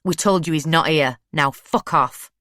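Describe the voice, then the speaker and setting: A woman's voice: sits low, unhurried, a bit bright, no echo, clean studio sound. A woman voicing an annoyed, hostile middle-aged father who speaks curtly and with contempt.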